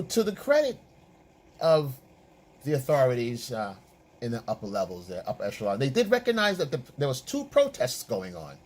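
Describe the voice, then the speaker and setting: In a husky mid-range voice, a male dating coach lectures on relationships, stressing and repeating his opinions.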